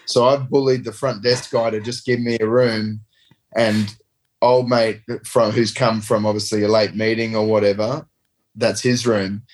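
A man's voice: lowish voice, little pitch movement, measured pace. Laid-back man telling a story. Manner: rambling, laid-back, swears freely. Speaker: professional rugby player guest. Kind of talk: casual storytelling.

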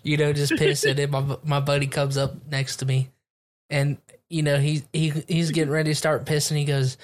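A man's voice: on the high side, flat delivery, moderate pace. A young man in casual, crude banter with friends, laughing, swearing and repeating himself as he tells a story.

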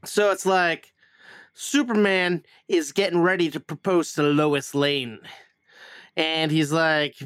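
A man's voice: a little high, fairly even intonation, takes it slowly, a bit bright, clear, resonant tone, no room sound, clean studio sound. A man hosting a casual chat, retelling a movie in a rambling, profane way and acting out lines in silly voices. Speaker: podcast host reviewing a movie.

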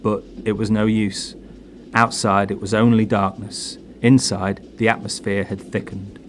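A man narrating a horror audio story in a measured, atmospheric way. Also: on the low side, flat delivery, slight background noise.

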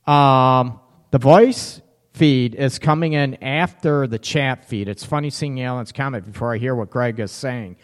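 A man's voice: mid-range voice, a little slow. A man hosting a live show in casual chat, teasing, laughing often and reacting to chat comments. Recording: echoey room with long reverb.

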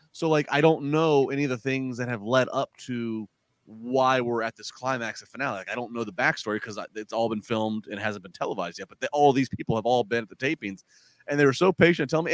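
A man with a mid-range voice co-hosts a wrestling podcast, talking casually in long, rambling turns full of restarts. There's no room sound on the recording.

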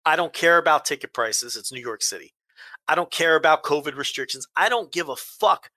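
Man, podcast co-host, heated profane ranting, sharp bright voice, dry sound. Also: fairly high pitch, animated, a little fast, dry recording. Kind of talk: casual chat.

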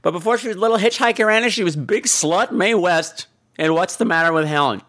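A man hosting a podcast, giving a campy, profane and animated comedic film review. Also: high voice, brisk. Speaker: podcast host.

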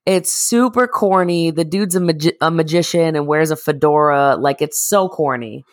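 A woman co-hosting a podcast, swearing freely as she tells animated stories in casual chat. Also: low-pitched, normal speed, dry recording. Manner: profane, animated storytelling. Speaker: podcast co-host.

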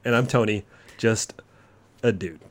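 A man's voice: on the low side, a little slow. A man from Texas, in his thirties, co-hosting a casual podcast chat. He jokes, swears freely and drops into comic voices. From Southern US, Texas. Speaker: podcast co-host.

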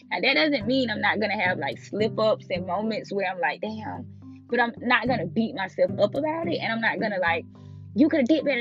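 A young woman with a Southern US accent, hosting a casual solo podcast and talking candidly to her listeners. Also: on the high side. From Southern United States. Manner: chatty, candid, laughs at herself, speaks straight to listeners. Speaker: podcast host. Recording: slightly dull lo-fi audio with faint music behind.

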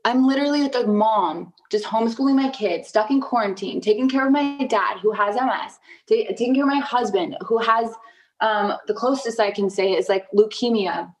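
A woman's voice: a little high, moderate pace, rough recording. A woman in her thirties, an interview guest, talking casually and emphatically with many "like" fillers and frequent swearing, sounding indignant.

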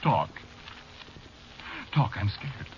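A man's voice: medium pitch, big pitch swings, unhurried. A terrified, pleading hunted man. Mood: frightened. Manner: pleading, panicky. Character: frightened man hunted by someone. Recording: dull, hissy old radio recording.

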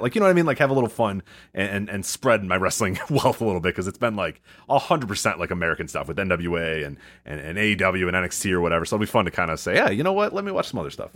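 A man co-hosting a casual podcast, animated and profane, laughing easily as he talks. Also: on the low side. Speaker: podcast co-host.

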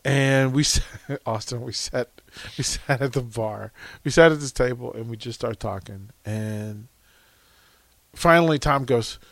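In a radio studio, a middle-aged host tells loose, rambling stories in casual on-air chat, laughing frequently. His gravelly, medium-pitched voice is unhurried, and the studio-mic recording is dry.

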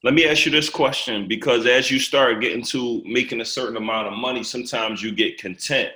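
A man hosting a casual podcast interview, talking in an emphatic, animated way. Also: medium pitch, brisk. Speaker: podcast host. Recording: echoey room.

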